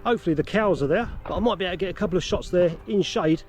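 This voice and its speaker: A man's voice: high-pitched, very fast, a little mellow, soft background music. A man vlogging casually outdoors in fields about film photography, chatty and self-deprecating, out of breath from cycling. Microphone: action camera.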